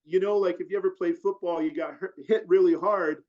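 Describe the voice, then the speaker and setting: A man's voice: sits high, fairly quick. A man telling a long personal story as an interview guest, rambling and full of fillers. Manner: rambling, filler-heavy, animated retelling. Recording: dull lo-fi audio.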